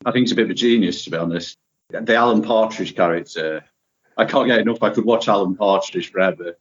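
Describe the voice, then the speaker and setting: Relaxed man, lowish voice. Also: fast talker. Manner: relaxed, opinionated, enthusiastic. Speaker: podcast guest. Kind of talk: casual podcast conversation. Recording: dull lo-fi audio.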